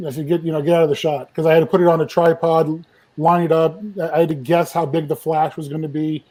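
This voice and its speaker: Man, film stills photographer, animated storytelling, mellow voice, casual chat. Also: on the high side, fast, low-quality recording. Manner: animated storyteller, acts out quotes. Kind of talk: casual group video call chat.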